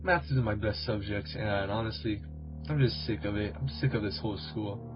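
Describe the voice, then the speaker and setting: A blunt, unimpressed teenage schoolgirl, as a man reads her in a flat, ordinary voice. Her put-downs come out plainly. The sound is dull and lo-fi over loud music. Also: lowish voice, moderate pace, lightly acted.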